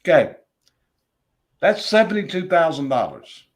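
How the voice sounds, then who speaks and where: A middle-aged man with a Southern US accent, a business coach, is a guest in a casual interview, hammering his points bluntly and repeating them for effect. His slightly high voice has a sing-song lilt and a measured pace.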